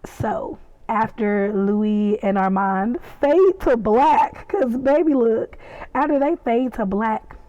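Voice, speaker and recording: Woman, casual reaction recap, excitable, chatty, higher voice, mellow, dry dull audio. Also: slow, no room sound. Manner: excitable, chatty, acts out the scenes. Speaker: podcast reviewer.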